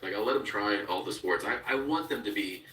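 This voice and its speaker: A low-voiced man in his thirties tells stories in a casual podcast chat, laughing often and putting on quoted voices. His tone is bright and forceful. The sound is roomy and a little off mic, with faint background noise. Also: fairly quick, distant mic. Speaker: guest.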